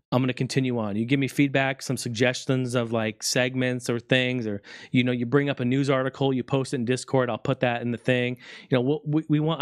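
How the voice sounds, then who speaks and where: A man's voice: medium pitch, dry recording, clean studio sound. A man hosting his own gaming podcast, talking casually in a rambling, heartfelt way and swearing freely. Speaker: podcast host. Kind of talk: casual solo podcast talk.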